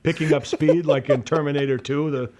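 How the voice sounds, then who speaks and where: A man's voice: fairly high pitch, fairly quick. A man in his forties co-hosting a podcast, telling a story casually, swearing freely and cutting himself off mid-sentence. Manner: profane, animated storyteller with self-interruptions. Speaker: podcast co-host. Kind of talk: casual storytelling among friends.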